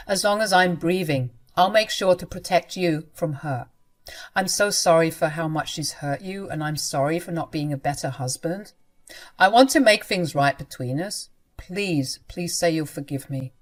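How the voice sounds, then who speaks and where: A woman voicing a gentle young husband who speaks softly and apologetically. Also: sits low, normal speed, lightly acted. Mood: pleading. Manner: soft, apologetic.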